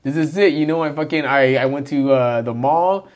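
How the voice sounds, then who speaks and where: A man's voice: fairly high pitch, normal speed. A man in his thirties telling a rambling, profane story in casual chat, acting out the voices of friends. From Southern California. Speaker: guest storyteller.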